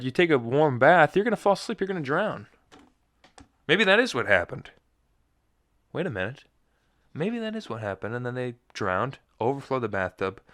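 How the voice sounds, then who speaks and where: A man's voice: fairly low pitch, a bit bright, no room sound, clean studio sound. A young man hosting a solo podcast, telling a rambling, self-mocking story full of tangents. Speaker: podcast host. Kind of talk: casual solo chat.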